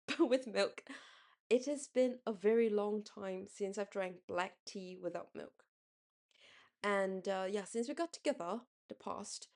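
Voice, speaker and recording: A young woman from Singapore rambling in a casual late-night vlog, correcting herself often and laughing as she talks. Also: on the high side. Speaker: vlogger.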